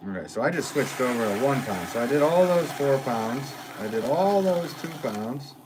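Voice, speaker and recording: A man's voice: medium pitch, animated, moderate pace, noisy background. A man hosting a live pottery stream from his studio, rambling and joking as he reads out viewer comments while he works. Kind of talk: casual live-stream chat.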